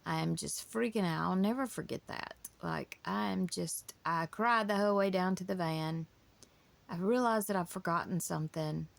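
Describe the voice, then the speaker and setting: A woman's voice: on the low side, normal speed, vocal fry. A woman, telling her family story in a casual, emotional, rambling way. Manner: emotional, rambling with many restarts.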